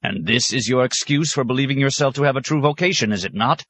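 A man's voice: deep voice, animated, normal speed, a bit bright, heavily acted. A man voicing a stern, sarcastic abbot who questions a novice with cutting mockery. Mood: scornful. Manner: mocking, cutting, sometimes roaring.

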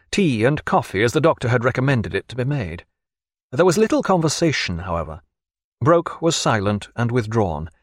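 A man narrating an audiobook in an expressive, measured storytelling manner. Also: medium pitch, no room sound, studio quality.

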